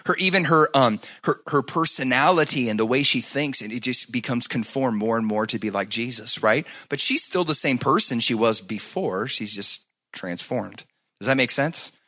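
A man preaching a sermon, moving from loud, emphatic passages to soft, hushed asides and asking the congregation to answer back. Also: medium pitch. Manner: talks to the congregation, asks them to answer back. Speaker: pastor.

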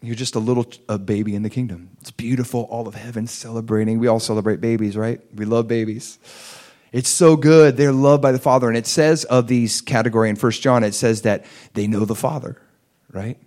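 A man's voice: medium pitch, brisk, a little mellow. Conversational male preacher with emphatic peaks. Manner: asks the audience for agreement. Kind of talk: sermon.

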